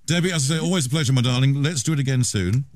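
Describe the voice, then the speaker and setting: A man's voice: mid-range voice, very fast, a little mellow, no echo. A man hosting a radio show, chatting casually and trading cheeky jokes with his guest. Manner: joking, teasing, cheeky. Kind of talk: casual on-air banter.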